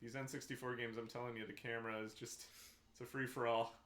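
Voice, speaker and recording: A man chatting casually while playing a video game, excitable and cursing, laughing often. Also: medium pitch, quick pace, echoey room, slight background noise. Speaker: gaming friend. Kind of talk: casual chat over gameplay.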